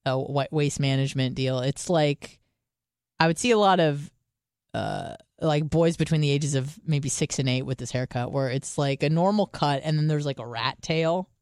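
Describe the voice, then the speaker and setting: A woman co-hosting a podcast speaks in a low pitch at a moderate pace, recorded in studio quality with a clean tone and no echo. She tells her story with casual humor and free swearing, animatedly performing both halves of the dialogue.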